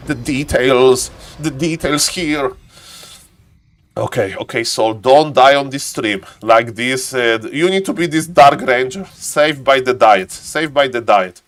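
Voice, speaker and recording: A man giving live esports commentary, excitable and playful, bursting into high exclamations and joking asides. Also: moderate pace, soft background music. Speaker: game caster.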